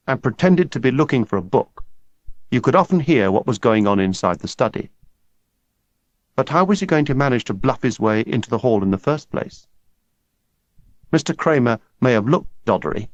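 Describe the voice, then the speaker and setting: A man narrating an audiobook in a measured, steady storytelling manner. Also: mid-range voice, dry recording. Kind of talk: scripted narration. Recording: dull lo-fi dry recording.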